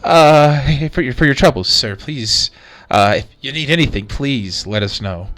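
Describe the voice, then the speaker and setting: A man's voice: medium pitch, expressive, a little slow, fairly bright tone. Man doing a stammering scared barkeep. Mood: nervous. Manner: hesitant, stammering. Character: timid young male barkeep, scared and stammering.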